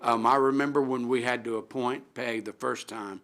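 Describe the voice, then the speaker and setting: A middle-aged alderman with a gravelly, creaky voice speaks at a council meeting. He is halting and heartfelt, restarting sentences and trailing off. He talks into a desk microphone in a council chamber. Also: medium pitch, fairly even intonation, a bit bright. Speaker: city alderman. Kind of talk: emotional tribute speech at a council meeting.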